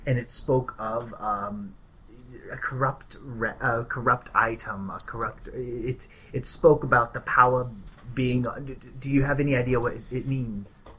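A man's voice: mid-range voice, fairly even intonation, unhurried, fairly bright tone, breathy edge, low-quality recording. A man voicing a humble young male apprentice who is nervous, stammering, and overly polite. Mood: deferential.

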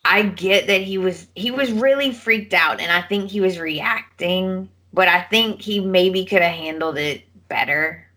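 Female podcast co-host, slow and bright, retells scenes with quoted lines. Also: lowish voice. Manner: animated retelling, acting out characters' lines. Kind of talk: casual soap opera recap chat.

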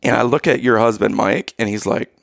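A man in his thirties, co-hosting a casual chat and retelling a family vacation story with animated, exaggerated quotes. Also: medium pitch, fairly quick, vocal fry, no room sound, studio quality. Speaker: podcast co-host telling a family story.

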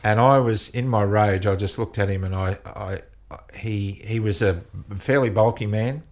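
Deep-voiced man telling a story. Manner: halting, repeats words while recounting. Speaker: couples counselor. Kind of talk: storytelling in an interview.

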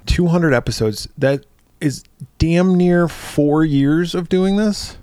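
A man's voice: a little high, slow, dark tone, clean tone, no echo, studio quality. A middle-aged man co-hosting a casual podcast chat, joking and laughing easily. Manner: laughs often, loose and joking. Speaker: podcast co-host.

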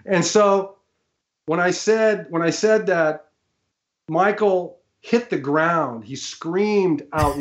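A man guest, a former studio engineer, telling stories animatedly with laughter and frequent restarts. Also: fairly high pitch. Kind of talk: anecdotal storytelling. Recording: slightly muffled remote audio.

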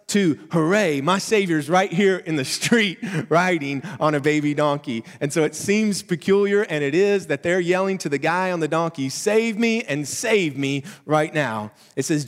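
Southern man preaching in an echoing hall. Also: mid-range voice. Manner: conversational preaching, swings from loud emphatic to soft hushed. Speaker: pastor. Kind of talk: sermon. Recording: reverberant hall.

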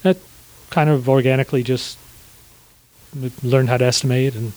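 A man in his sixties, a podcast guest, telling stories about his early business days in a relaxed, rambling way with plenty of fillers and restarts. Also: mid-range voice, moderate pace, rough recording. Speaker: guest, small business owner. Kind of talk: casual storytelling interview.

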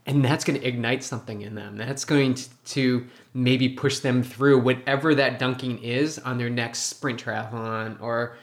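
Enthusiastic male co-host, mid-pitched, energetic casual talk. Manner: enthusiastic, fast-talking. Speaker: podcast co-host. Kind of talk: casual interview chat.

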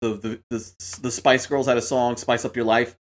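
A man's voice: mid-range voice, level tone, normal speed. A man co-hosting a casual gaming chat, musing enthusiastically with lots of fillers. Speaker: podcast co-host.

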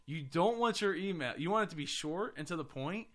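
Male podcast host, bright tone, loose rambling casual delivery. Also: fairly high pitch, expressive, fairly quick. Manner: chatty and rambling, many fillers and restarts. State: voice getting hoarse. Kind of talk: casual chat.

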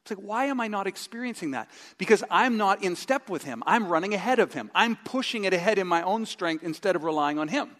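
A middle-aged male pastor preaching a sermon with a live stage demonstration, animated and acting out his own inner voice with groans. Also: sits high, brisk, hardly any pauses. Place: church sanctuary. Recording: long reverb of a large hall.

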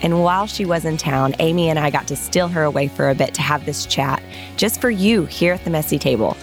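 A woman's voice: deep voice, fairly quick, faint music behind. A woman with an Oklahoma accent hosting a podcast, bubbly and upbeat in both her scripted intro and the casual chat. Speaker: podcast host.

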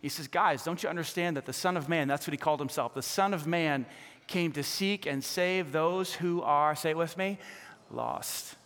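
A male pastor preaching a sermon with animated delivery, acting out the voices of people in the stories he tells. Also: fairly high pitch, moderate pace, in a large hall. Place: church sanctuary.

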